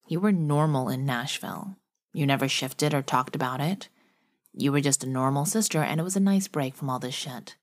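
Female narrator doing a sneering angry brother, low voice, scornful, lightly acted. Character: bitter dismissive young man, brother.

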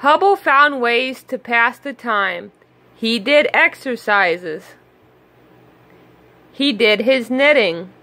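A woman reading a children's picture book aloud, slow, gentle and expressive. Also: a little high. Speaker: storybook reader. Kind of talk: children's read-aloud narration.

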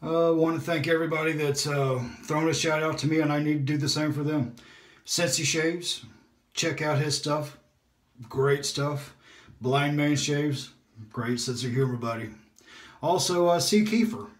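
A man hosting a shaving video, chatting in a relaxed, rambling way and talking to himself as he shaves. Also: a little high, normal speed. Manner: relaxed, rambling, self-talk while shaving. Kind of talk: casual shaving vlog chat. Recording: echoey room.

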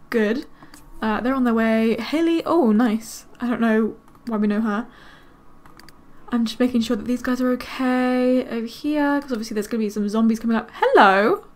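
A woman giving casual let's-play commentary, chatting to her game characters with quick excited exclamations. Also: on the high side. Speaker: gaming video creator.

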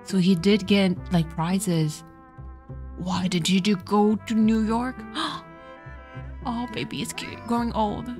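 A woman's voice: mid-range voice, fairly even intonation, measured pace, dark tone, faint music behind. A woman streamer giving casual let's-play commentary, reading the game's text aloud and then getting tearful and swearing.

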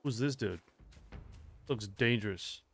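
A young man casually commentating a game as he plays, excitable and swearing, with shouted reactions. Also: lowish voice, takes it slowly, vocal fry. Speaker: gaming streamer. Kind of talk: let's play commentary. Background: game music.

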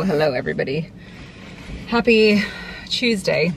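A woman's voice: mid-range voice, moderate pace, music in the background, rough recording. An Irish woman chatting casually to camera from her car, rambling and self-deprecating. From Ireland. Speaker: vlogger. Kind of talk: casual vlog chat. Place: in a parked car.

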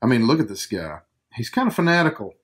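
A man's voice: medium pitch, sing-song, quick pace, breathy edge. A man hosting a casual board game review, joking around while he explains the rules step by step.

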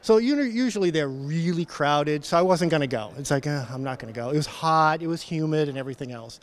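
A middle-aged man, a principal engineer at a conference, telling an animated story and acting out the dialogue. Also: a little high, brisk. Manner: animated anecdote-telling, acts out quoted dialogue. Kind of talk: storytelling in an event interview. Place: conference floor.

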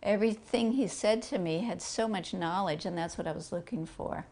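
A woman fondly recalling a personal memory, talking in a warm, reflective way. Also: lowish voice, moderate pace. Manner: warm, fond, laughs softly. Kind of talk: reflective storytelling.

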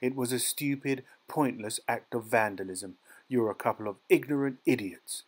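A man's voice: medium pitch, moderate pace, lightly acted. A man voicing a small, bullied teenage boy who speaks up earnestly and defiantly, in an audiobook reading. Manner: earnest, pleading then defiant.

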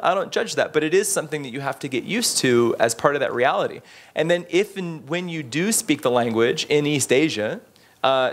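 A man giving casual, animated interview answers, full of fillers and restarts, who slips into playful voices when quoting people. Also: medium pitch. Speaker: interviewee, expat in the bar trade.

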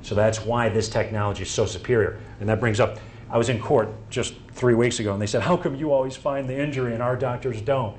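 A man's voice: medium pitch, fast, a little mellow, a little hiss or hum. A man presenting to a room, walking through cases and acting out his exchanges with patients and doctors. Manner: anecdotal, acts out quoted exchanges. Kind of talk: live medical presentation.

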